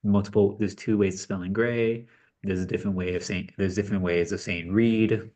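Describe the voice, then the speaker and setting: A man's voice: fairly low pitch, steady tone, fairly quick, mellow. A man co-hosting a casual podcast, talking in an easygoing, agreeable and jokey way. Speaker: podcast co-host. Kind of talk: casual chat.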